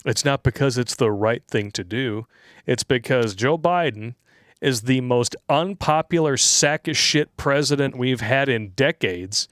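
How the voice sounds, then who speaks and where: A man's voice: medium pitch, measured pace, fairly bright tone, no room sound, clean studio sound. A man co-hosting a podcast, talking bluntly and sarcastically in casual political chat, laughing often. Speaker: podcast co-host.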